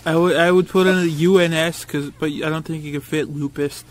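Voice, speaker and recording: A young man co-hosting a casual gameplay video, joking, swearing and breaking into loud shouts when excited. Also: fairly high pitch, brisk, noisy background. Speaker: gaming video co-host.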